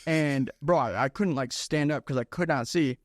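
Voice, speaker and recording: A man's voice: a little high, normal speed, no room sound, studio quality. Laid-back young man, "bro" talk. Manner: laid-back storytelling, says "bro" and "dude". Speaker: podcast co-host. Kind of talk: casual chat.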